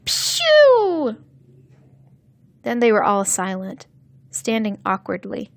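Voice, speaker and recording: Woman narrator reading a novel aloud with slow, careful diction, in a dry, close sound. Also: mid-range voice, no echo. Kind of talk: scripted audiobook narration.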